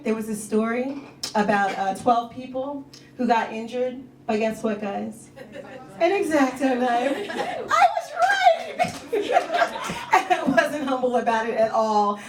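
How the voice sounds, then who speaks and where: A woman performing a stand-up comedy set, telling deadpan dark jokes and talking to the crowd on a club stage. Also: on the high side, noisy background. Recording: echoey club, mic heard from a distance.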